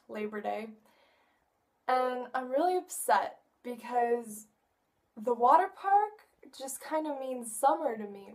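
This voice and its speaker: A woman's voice: a little high, vocal fry, darkish tone, recorded from a distance. A teenage girl giving a casual video message to a friend, chatty and rambling, often laughing as she talks. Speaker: vlogger addressing a friend.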